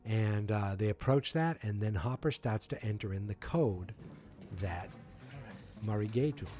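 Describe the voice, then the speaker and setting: A man's voice: on the low side, lively intonation, unhurried. A man hosting a podcast, recapping an episode in a casual, rambling way with personal asides. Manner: chatty, rambling storyteller with asides. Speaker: podcast host.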